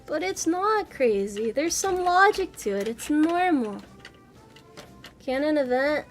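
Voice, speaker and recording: Woman streamer, high voice, takes her time, swears and mutters while building stuff at her pc. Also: big pitch swings, slow pace, faint music behind. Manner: swears often, chatty and playful. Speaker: VTuber streamer. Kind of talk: casual livestream chat answering chat. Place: home streaming setup at a PC.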